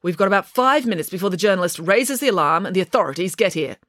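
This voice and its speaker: A woman's voice: mid-range voice, lively intonation, a bit bright, no room sound, studio quality, lightly acted. A woman doing a bossy, scheming pig nanny. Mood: brisk commanding. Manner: brisk, commanding, scheming.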